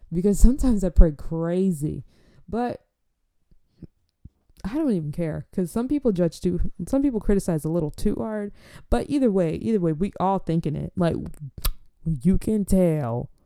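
Gravelly-voiced woman teasing about faith. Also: on the low side, moderate pace, no room sound. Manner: animated, teasing and preachy, laughing often. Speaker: faith vlogger. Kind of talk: casual faith commentary.

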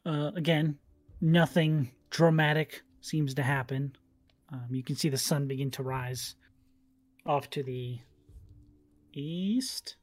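A man running a tabletop game as game master, narrating casually with many pauses and fillers. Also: on the high side, dry recording. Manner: relaxed, hesitant with fillers.

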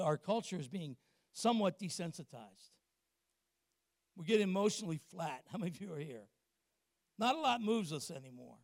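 High-voiced preaching man, loud then hushed. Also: dry recording, studio quality. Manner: swings from loud emphatic preaching to quiet confiding asides; asks the congregation questions and acts out little exchanges. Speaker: pastor. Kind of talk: sermon. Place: church.

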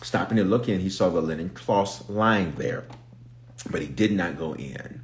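Speaking at a normal speed in a deep voice, this man is a bishop giving an unplanned Bible lesson on a live stream. He repeats himself for emphasis and begs his audience to listen closely, growing steadily more intense.

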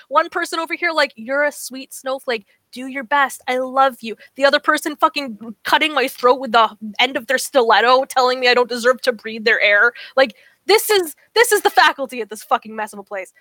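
A young woman co-hosting a chat podcast, her voice bright and clear, pitched a little high. She tells stories in an animated, profane way, acting out every line people said to her. The sound is dry and close. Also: a little fast, hardly any pauses, no room sound. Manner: profane, animated storytelling, acts out quotes. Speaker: podcast co-host. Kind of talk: casual chat.

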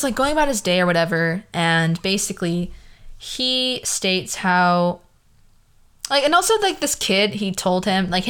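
A woman's voice: mid-range voice, fairly bright tone, smooth. A woman in her twenties with a Valley girl accent, hosting a casual solo podcast, rambling and filling her talk with "like". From the San Fernando Valley, California. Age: 20s. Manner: rambling, heavy use of "like", questioning tone. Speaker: podcast host.

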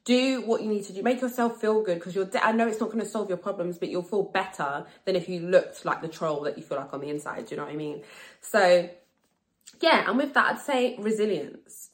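Woman in her 30s, lowish voice, bit tipsy, chatting fast and blunt on her own podcast, swears a lot. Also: a bit bright. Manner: fast, frank, swears freely, repeats for emphasis. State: slightly tipsy. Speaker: podcast host. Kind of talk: casual solo podcast chat.

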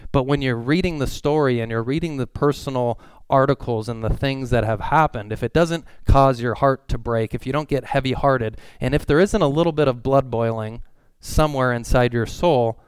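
A pastor preaching a sermon in an earnest, pleading way, reading scripture aloud. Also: male voice, medium pitch, clean tone, no room sound.

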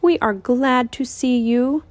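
A woman voicing a gentle, friendly male teddy bear in a read-aloud storybook, in a soft, polite voice. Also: sits high, slow, no room sound, voice pushed up. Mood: wondering.

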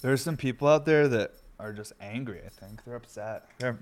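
A man's voice: mid-range voice, brisk, few pauses, slight background noise. A young man rambling loosely and profanely during a home smoking session, shivering from the cold. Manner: loose, unfiltered, profane, self-deprecating. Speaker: streamer and podcast host. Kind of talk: rambling casual talk.

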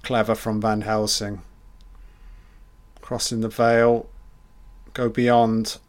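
A man's voice: lowish voice, flat delivery, takes it slowly. A man giving casual film commentary in short, admiring remarks, swearing often.

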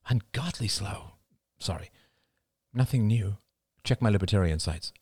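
A man's voice: fairly low pitch, unhurried, a little mellow, husky. A man voicing an anxious, upset young wife and mother who pleads in an agitated way. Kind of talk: audiobook character reading.

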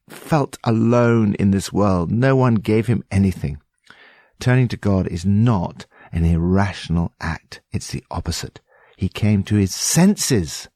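A man reading scripted devotional commentary in an earnest, steady way with emphatic phrasing. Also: fairly low pitch, dry recording, studio quality.

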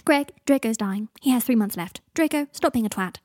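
A woman's voice: fairly high pitch, animated, fairly quick, dry recording, studio quality. A woman voicing a blunt but caring young woman. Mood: brusque. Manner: brusque, soft-spoken when tender.

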